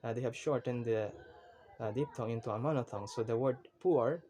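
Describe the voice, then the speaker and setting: Halting man reading a class lecture. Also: mid-range voice, mellow, a little hiss or hum. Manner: reads definitions aloud, halting and repetitive. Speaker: student presenter.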